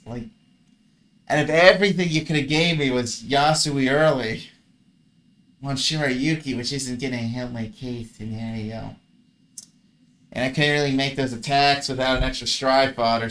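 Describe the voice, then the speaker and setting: A man's voice: mid-range voice, fairly bright tone. A man casually commentating his own card game match, grumbling and swearing at his bad luck.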